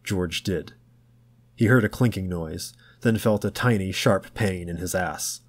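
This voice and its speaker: Male audiobook reader, slow and measured, husky, lowish voice. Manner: slow, measured and low-key. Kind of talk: audiobook narration.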